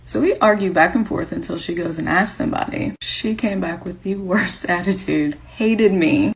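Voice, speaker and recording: A woman with a gravelly voice telling an animated anecdote in casual conversation. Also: fairly low pitch, normal speed, hardly any pauses, poor audio. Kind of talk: casual storytelling.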